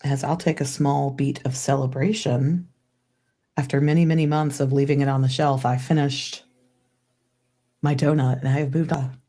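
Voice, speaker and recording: A woman's voice: extremely low pitch, fairly even intonation, moderate pace, dark tone. A woman co-host relaying viewer comments in casual chat, playful and self-deprecating with a touch of theatrical flair.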